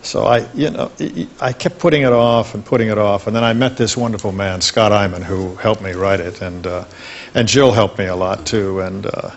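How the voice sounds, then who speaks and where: An older man, a talk show guest, reminiscing fondly and at an unhurried pace about his past. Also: lowish voice, highs cut off.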